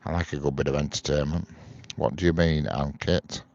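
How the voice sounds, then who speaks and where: A very deep, gravelly-voiced man chats outdoors on a live stream. His delivery stays flat and even as he reads out viewers' comments and answers them one by one. The stream audio is a little dull and lo-fi. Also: normal speed, dry recording. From England. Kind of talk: casual live-stream chat. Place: outdoors beside a railway line.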